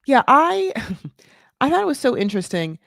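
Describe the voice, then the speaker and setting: A woman's voice: sits high, very animated, measured pace, gravelly, a bit bright, no echo, studio quality. A woman hosting a casual reality-show recap, gossipy and sarcastic, swearing and filling her talk with "like".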